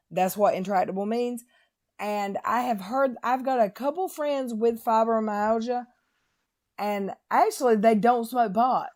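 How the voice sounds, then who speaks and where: A woman's voice: medium pitch, a little mellow. A woman hosting a live stream, reading chat comments aloud and chatting casually about her own experiences.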